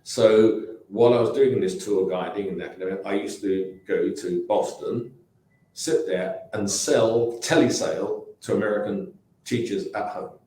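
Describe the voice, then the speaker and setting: A man's voice: lowish voice, measured pace, mellow. A man in his sixties with an English accent, a company founder telling rambling anecdotes in a casual interview, with restarts and asides. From England. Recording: very echoey room.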